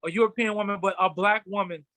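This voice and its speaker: Man, high voice, bright, animated storyteller, dry studio sound. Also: fast talker, no echo. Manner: animated storyteller, acts out quotes. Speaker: fashion designer guest. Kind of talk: casual storytelling interview.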